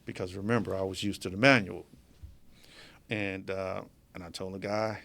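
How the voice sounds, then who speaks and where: A man's voice: deep voice, fairly even intonation, moderate pace, creaky, fairly bright tone. A man being interviewed as a guest in a studio, telling his story casually and with animation, often laughing as he talks. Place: media studio.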